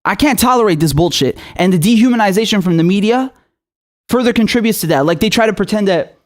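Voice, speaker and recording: A man's voice: high voice, lively intonation, quick pace. A young man hosting his own political commentary show, delivering a furious, profane and accusatory rant.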